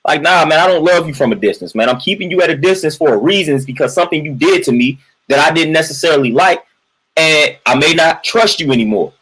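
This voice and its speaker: Fast and lively in intonation, this man's fairly high, fairly bright voice has a husky quality, and the recording is low quality. He's a livestream host venting in a casual monologue, emphatically repeating points, tagging lines with "man," and greeting viewers from chat.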